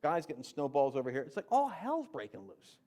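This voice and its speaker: A man with a fairly high voice recounts his own conversion story as a Christian speaker. His delivery is lively and conversational. He jumps between loud, emphatic moments and hushed, low asides. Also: fairly quick. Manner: conversational with fillers and slang. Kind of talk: personal testimony storytelling.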